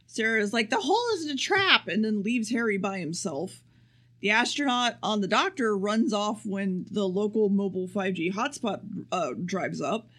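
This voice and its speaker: High-voiced man rambling through a recap. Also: moderate pace, fairly bright tone. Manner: rambling and profane, acts out quotes. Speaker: podcast co-host. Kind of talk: casual episode recap.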